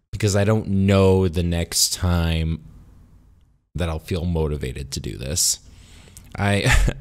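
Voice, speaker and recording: A little tipsy from a beer, a man vlogs alone in a deep, slightly mellow voice. The monologue is unscripted and rambling, self-deprecating, with pauses and restarts.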